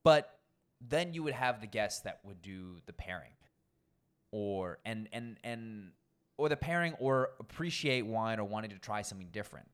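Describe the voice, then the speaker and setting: Animated young man telling stories. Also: fairly low pitch, moderate pace, smooth. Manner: animated, acts out quoted people, frequent swearing. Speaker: guest sommelier. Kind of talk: casual interview storytelling.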